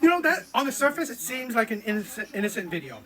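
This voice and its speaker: A man with a strikingly high voice rants through reaction commentary at a quick clip. He argues his points hard and keeps asking "right?" to press them. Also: big pitch swings, fairly bright tone, rough recording. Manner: argumentative, repeats "right?" often. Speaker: reaction channel host.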